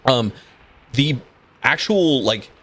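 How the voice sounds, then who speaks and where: A man narrating as game master of a tabletop game, describing scenes in a relaxed way with frequent ums and uhs. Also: medium pitch, takes it slowly, husky.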